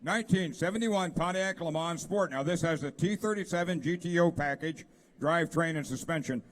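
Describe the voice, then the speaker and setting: A man's voice: on the high side, a little fast. A man presenting cars at an auction, reading out each car's features with enthusiasm. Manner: enthusiastic describing of car features. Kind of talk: reading out car descriptions.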